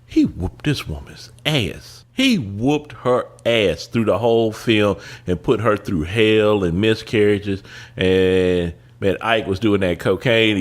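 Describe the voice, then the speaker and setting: A man hosting a podcast, telling stories in casual chat with animated delivery and casual swearing. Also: on the low side. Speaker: podcast host.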